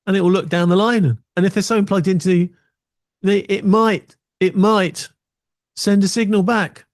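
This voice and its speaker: A man in a casual chat, explaining video gear in a relaxed, self-mocking way. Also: high-pitched, normal speed, no echo, studio quality.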